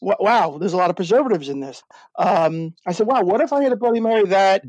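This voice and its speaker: Guest, male, high and dry, eager storyteller who stumbles and restarts a lot. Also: fast talker, dry recording, muffled recording. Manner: excited, with many stumbles and restarts. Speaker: guest, drink brand founder. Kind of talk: animated storytelling in a podcast interview.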